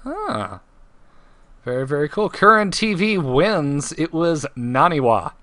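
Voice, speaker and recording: A man's voice: fairly high pitch, big pitch swings, slow pace, pushed and bright, no room sound. A man co-hosting a casual live podcast, running a trivia segment and reading quotes with playful emphasis.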